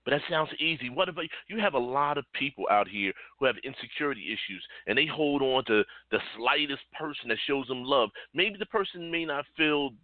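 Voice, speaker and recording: A man co-hosting a casual talk show, lively and teasing, laughing often. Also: medium pitch, fairly quick, hardly any pauses, no echo. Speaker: co-host. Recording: dry tinny phone-like sound.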